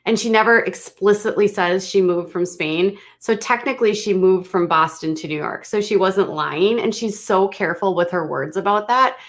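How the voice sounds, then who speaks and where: A woman's voice: medium pitch, moderate pace, few pauses. A woman giving casual, snarky, exasperated commentary on a livestream.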